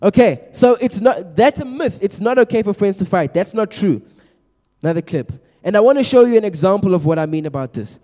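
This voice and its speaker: Young guy preaching to youth, chatty and energetic, mellow tone, long echoey hall. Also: high voice, fairly quick. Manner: energetic, chatty, repeats words. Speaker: youth pastor. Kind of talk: youth sermon. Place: large room with a youth audience. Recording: long echo of a large hall.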